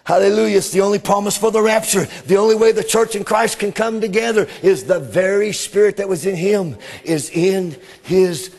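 A middle-aged man, preaching a sermon with fervor, often rising into shouted exclamations. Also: high voice, moderate pace, gravelly, hardly any pauses.

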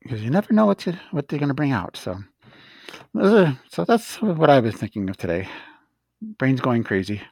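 A man co-hosting a casual chat, speaking in a relaxed way with halting restarts. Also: mid-range voice, gravelly, slightly rough, dry recording. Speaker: podcast co-host.

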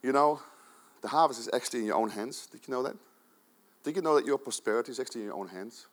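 A pastor from the Netherlands, preaching a sermon in a church, swinging between loud, emphatic urging and quiet asides. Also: male voice, mid-range voice, fast talker.

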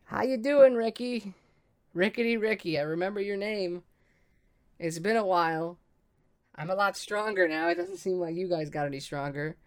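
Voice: mid-range voice, fairly even intonation, quick pace, hardly any pauses, darkish tone, lightly acted. A player voicing a cold, confident adventurer who taunts and commands enemies. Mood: taunting.

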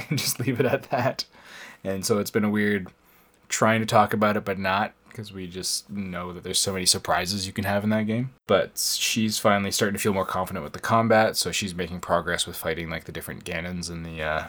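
Man, podcast host, low voice, casual chat, chatty, quick to laugh. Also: little pitch movement, a bit bright.

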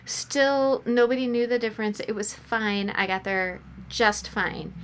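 A woman's voice: a little high, a little slow, clear, resonant tone. A woman who works with births, chatting casually and telling a self-mocking story with fillers and quoted asides. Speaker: birth worker, podcast co-host. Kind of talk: casual chat.

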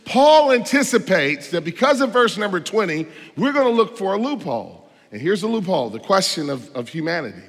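A man pastor delivering a sermon in church, emphatic and full of rhetorical questions, swinging between loud stresses and quiet asides. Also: high voice, big pitch swings, a little fast, hardly any pauses. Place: church sanctuary. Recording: long hall reverb.

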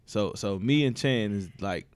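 A man's voice: on the low side, measured pace, a little mellow, dry recording. A man from South Carolina hosting a podcast, talking loosely and laughing with his friends in casual chat. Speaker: podcast host.

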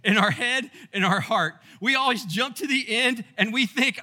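A man preaching a sermon as pastor, animated and storytelling with asides and rhetorical questions. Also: extremely high pitch, moderate pace, hardly any pauses. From Texas.

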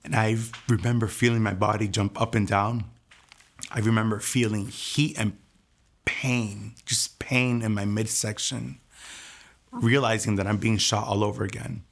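A young man telling his personal testimony in a hushed, intense way, his voice often dropping almost to a whisper. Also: on the low side, fairly even intonation, unhurried. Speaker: testimony speaker.

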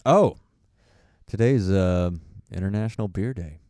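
A man's voice: fairly low pitch, a little slow, dark tone, clear, resonant tone, no room sound, studio quality. A man co-hosting a podcast, rambling through casual chat and laughing often. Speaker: podcast co-host. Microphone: studio mic with headphones.

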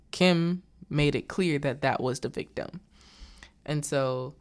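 A young adult woman casually recapping a film plot, rambling with lots of filler and exasperated asides. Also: deep voice. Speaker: vlogger reviewing a film.

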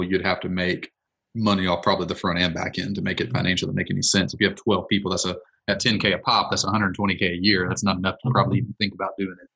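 A man leading a casual business brainstorm, thinking out loud in a rambling way. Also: low-pitched, husky, poor audio. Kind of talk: casual meeting discussion.

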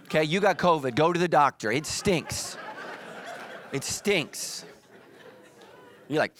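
High, lively male pastor preaching. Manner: animated and joking, acts out quick quoted voices. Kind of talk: energetic sermon. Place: church.

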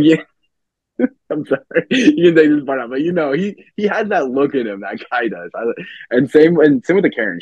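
A man being interviewed as a cosplay guest, laid-back and laughing often, talking in a relaxed way. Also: mid-range voice, breathy edge, dry recording, dull audio. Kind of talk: casual interview chat.

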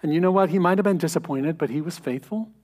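Pastor guy preaching, kinda high voice, earnest and chatty, pushes up for emphasis. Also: fast talker, a little mellow. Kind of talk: sermon.

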